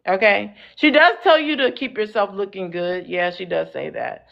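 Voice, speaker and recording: A woman's voice: mid-range voice, expressive, normal speed, vocal fry, dull audio. A woman hosting a live talk show panel who keeps cutting in and firmly tells others to hold on. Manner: bossy, cuts in, hold on repeatedly.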